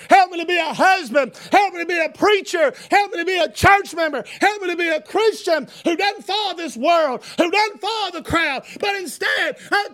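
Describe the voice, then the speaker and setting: A man preaching, voicing a grateful healed leper who shouts his praise with fervent passion. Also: very high voice, voice pushed up, exaggerated voice.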